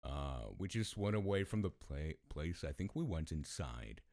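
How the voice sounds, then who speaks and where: A man with an extremely deep voice tells stories slowly and casually, swearing freely. His tone rises and falls with lively swings. The sound is dry and close. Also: no room sound. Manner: laid-back, swears a lot, laughs often. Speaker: podcast host. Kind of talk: casual storytelling.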